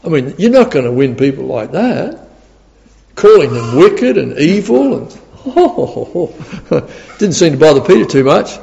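A man's voice: a little high, very animated, unhurried, vocal fry, mellow, in a large hall, muffled recording. A man preaching a sermon in a chatty, storytelling way, laughing often and repeating words as he goes.

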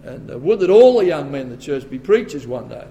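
A man with an Australian accent preaching a sermon, quoting scripture and rising to forceful, emphatic bursts. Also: fairly high pitch, sing-song, fairly quick, muffled recording.

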